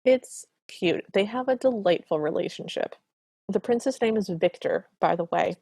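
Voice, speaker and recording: A woman co-hosting a podcast, recapping a film in animated, opinionated casual chat. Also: medium pitch, moderate pace, creaky, slightly rough, no echo. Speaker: podcast co-host.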